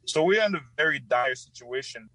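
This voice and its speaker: A man gravely describing a disaster situation in a radio interview. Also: medium pitch, animated, a little fast, bright, forceful tone, dry recording, poor audio.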